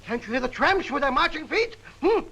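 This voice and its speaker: An actor playing a brash, excitable male song publisher who talks in fast, slangy, theatrical sales patter, in a 1950s film comedy. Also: extremely high pitch, vocal fry, full character voice, poor audio. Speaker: music publisher.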